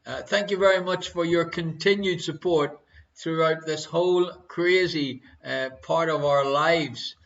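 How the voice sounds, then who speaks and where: High-voiced Irish quiz host, bright tone. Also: male voice, steady tone, a little slow. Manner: jokey, repeats each question, banters with his partner off-mic. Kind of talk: hosting a live online quiz show. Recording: dull lo-fi stream audio.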